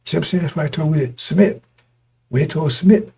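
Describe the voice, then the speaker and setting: A man preaching a sermon to his congregation, his voice going hoarse, talking in repetitive, stop-start bursts and often asking listeners whether they understand. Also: a little high, fast talker, dark tone. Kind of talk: street-style sermon to a congregation.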